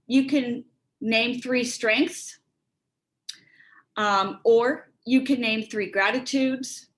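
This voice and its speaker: A woman's voice: on the high side, rough recording. A woman giving an earnest, reflective workshop talk, acting out bits of dialogue as she explains, speaking over a video call. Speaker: speaker on resilience and relationships.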